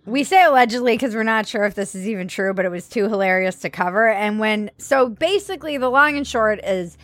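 A woman's voice: medium pitch, lively intonation, a little fast, fairly bright tone, no echo. A woman co-hosting a comedy podcast in casual chat, blunt and sarcastic, swearing freely. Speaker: podcast co-host.

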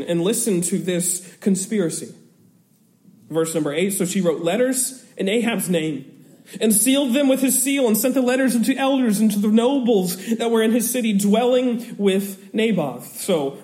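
High-voiced man teaching scripture, roomy. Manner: animated, chuckles often, reads scripture aloud. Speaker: Bible teacher. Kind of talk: Bible study teaching.

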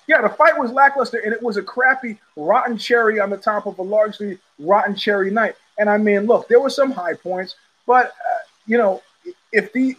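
A sardonic male host holds forth in a loose, rambling monologue, blunt and quick to mock. His voice sits fairly high for a man and has a husky, slightly rough edge. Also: a bit bright, muffled recording. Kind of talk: casual solo commentary.

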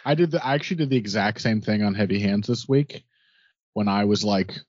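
A man's voice: fairly low pitch, a little fast, no echo. A man co-hosting a sports podcast, chatting in a wry, knowledgeable way and laughing often. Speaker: podcast co-host. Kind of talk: casual sports podcast chat. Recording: dull, lo-fi dry sound.

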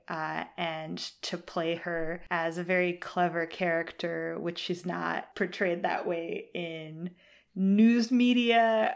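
Female co-host, lower voice, casual film chat, confident and emphatic. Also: clean tone. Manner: emphatic and opinionated. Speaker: podcast co-host. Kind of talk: casual film awards discussion.

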